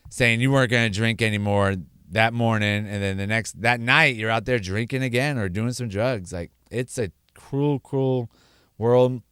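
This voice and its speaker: A man tells his personal testimony in a low, smooth voice. He is earnest and repeats key words for emphasis. The recording is dry, with no room sound. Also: fairly bright tone, no room sound. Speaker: speaker sharing his sobriety story.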